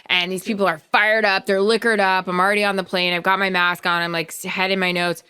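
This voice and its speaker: A woman's voice: medium pitch, quick pace, clean tone, no echo, studio quality. A woman co-hosting a podcast, telling a story in a casual chat and acting out the voices of other people. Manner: animated, acts out other people's lines. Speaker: podcast co-host.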